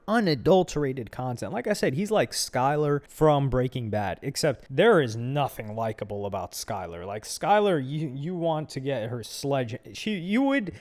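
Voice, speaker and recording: Male commentary host, a bit high-pitched, casual and slangy, wry asides. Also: a little mellow. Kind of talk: reaction commentary.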